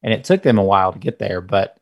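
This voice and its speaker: A man's voice: sits low, expressive, fast. A man co-hosting a casual podcast, thinking aloud and hesitating as he talks. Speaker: podcast co-host. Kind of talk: casual chat.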